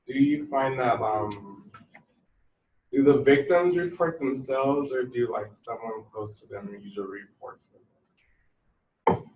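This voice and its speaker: A man's voice: mid-range voice, a little mellow. Man asking a question from far off. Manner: hesitant, halting question. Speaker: audience member asking a question. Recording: echoey room, far from the mic.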